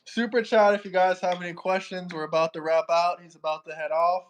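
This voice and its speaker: A man's voice: high-pitched, flat delivery, a little fast, highs cut off, a little hiss or hum. A man from Florida hosting a livestream, easygoing and urging the chat to send in questions. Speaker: livestream host.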